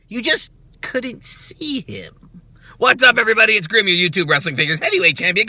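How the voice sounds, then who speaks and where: Rowdy man ranting with wild pitch swings. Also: gravelly, no room sound. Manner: loud, profane, mocking, with swings of pitch and volume. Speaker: wrestling review host. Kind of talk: ranting reaction commentary.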